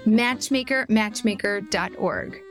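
A middle-aged woman co-hosting a casual podcast as a matchmaker, chatty and quick to laugh, acting out quotes as she talks. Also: mid-range voice, faint music behind.

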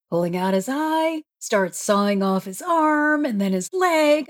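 A woman, a spiritual healer and podcast guest, telling a story in an animated way, often laughing and acting out what people said. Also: on the high side, measured pace, hardly any pauses. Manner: lively, laughs often, acts out quotes.

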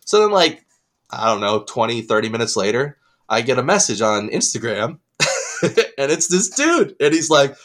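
A man co-hosting a podcast, telling a long embarrassing story with lots of swearing, his voice jumping up when he gets excited. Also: mid-range voice, fairly quick. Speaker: podcast co-host. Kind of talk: casual chat.

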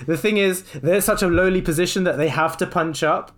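A man co-hosting a casual podcast, talking in an animated way and slipping into mocking quoted voices. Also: sits high, a little fast. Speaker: podcast co-host, doctor.

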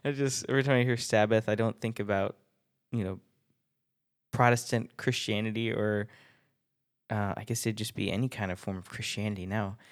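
A man's voice: on the low side, steady tone, normal speed, pauses often. A man hosting a casual solo podcast, rambling and self-deprecating, laughing often between thoughts. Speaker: podcast host.

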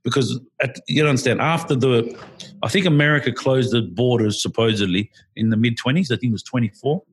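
A man's voice: medium pitch, brisk, husky. A man chatting casually, rambling with lots of restarts. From Australia. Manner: animated, rambling, many restarts. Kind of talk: casual podcast chat.

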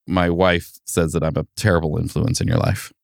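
A man's voice: sits low, level tone, a little fast, gravelly, dry recording. A man hosting a podcast in casual banter, joking and self-mocking into a close mic. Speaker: podcast host.

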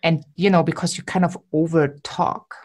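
A woman's voice: low-pitched, steady tone, moderate pace, darkish tone, husky. A woman hosting an interview, thanking her guest and sharing a similar story. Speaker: host. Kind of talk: podcast interview.

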